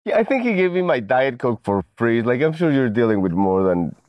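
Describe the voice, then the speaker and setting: A man co-hosting a podcast, telling an embarrassing story in a relaxed, amused way. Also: medium pitch, fairly quick, no room sound, highs cut off. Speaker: podcast co-host.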